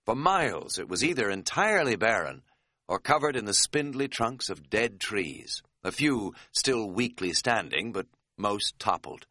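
A man's voice: on the low side, big pitch swings, a little slow, sharp tone, dry recording. A man narrating an audiobook in a wry, dry-humored storytelling manner.

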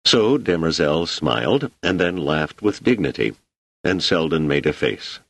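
A deep-voiced male narrator reading a novel with wide, animated swings of pitch. The recording is dry and close, with no room sound at all. He tells the story with expressive, scripted storytelling. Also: unhurried, vocal fry, no echo. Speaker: audiobook narrator.

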